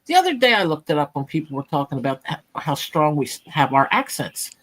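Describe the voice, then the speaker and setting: A chatty woman with a strong New Jersey accent. Her voice sits fairly low but swings widely in pitch as she talks bluntly and tells stories on a live panel. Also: big pitch swings, fast, fairly bright tone, a little hiss or hum. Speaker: panel host. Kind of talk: casual chat on a live panel.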